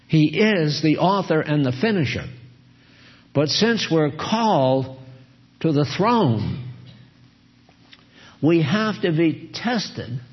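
Slow-preaching man, lo-fi sermon recording. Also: on the high side. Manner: earnest, exhorting, chuckles often. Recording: dull lo-fi recording.

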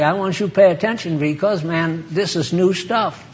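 A man's voice: a little high, moderate pace. A man preaching an informal sermon in a chatty, folksy way, laughing and speaking to listeners by name.

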